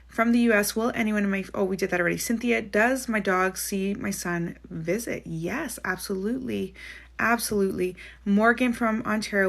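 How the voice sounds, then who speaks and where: Woman, psychic live-streamer, mid pitch, gravelly, casual, laughs easily. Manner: chatty, quick to laugh, frequent "like"; reads out questions and answers each. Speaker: psychic medium. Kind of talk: live-stream reading of viewer questions.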